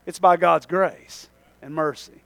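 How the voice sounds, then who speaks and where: A man's voice: on the high side, steady tone, a little slow, creaky, a bit bright, no echo. A man preaching a fervent sermon as pastor, calling for amens and using folksy slang.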